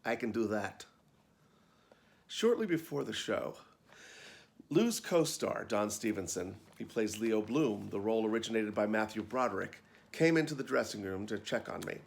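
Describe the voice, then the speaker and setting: A man's voice: fairly low pitch, animated, normal speed, gravelly. A man reading his own backstage memoir aloud in a wry, conversational storytelling manner. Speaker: actor and storyteller.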